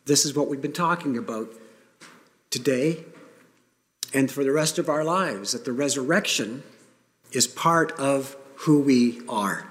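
A man preaching a sermon to his congregation, earnest and emphatic, with pauses for weight. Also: mid-range voice, fairly bright tone. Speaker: pastor. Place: church sanctuary. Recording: long reverb of a church hall.

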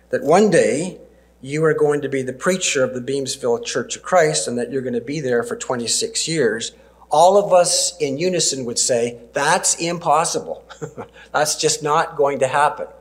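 A Canadian man preaches a sermon and tells stories earnestly, slowing down and dropping to a near-whisper for emphasis. His voice is medium pitched.

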